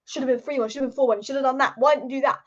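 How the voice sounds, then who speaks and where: Stern, never-satisfied male football manager, mimicked by a woman in a quick, high voice. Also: steady tone, lo-fi sound, natural voice. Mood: scolding. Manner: blunt, scolding.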